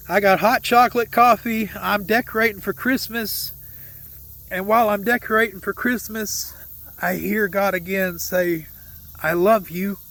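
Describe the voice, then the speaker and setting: A man's voice: high-pitched, fairly even intonation, measured pace, gravelly, sharp tone. A man telling a personal faith story in an earnest, heartfelt and emotional way. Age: adult with a young son. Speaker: vlogger sharing a faith testimony.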